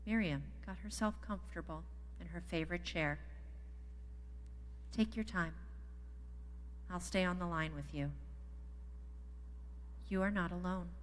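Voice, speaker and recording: A woman reading a gentle story aloud in a church service, softly repeating a calm refrain. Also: on the low side, unhurried, long pauses, a little hiss or hum. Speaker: story reader in worship service. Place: church sanctuary. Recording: echoey sanctuary with long reverb.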